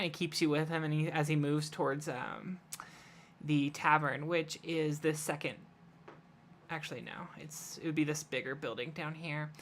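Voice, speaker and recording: A woman's voice: low voice, steady tone, moderate pace, fairly bright tone. A woman narrating a tabletop game as game master, in a casual, filler-laden way.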